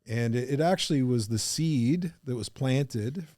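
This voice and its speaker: A man guesting on a podcast, telling his own story with animated energy and acting out the people in it. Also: mid-range voice, measured pace, dry recording, clean studio sound. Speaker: podcast guest, business coach.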